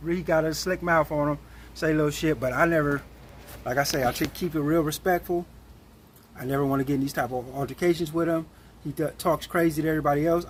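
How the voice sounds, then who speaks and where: A man telling a story in a casual, animated and blunt way, with plenty of slang. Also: a little high, a little hiss or hum.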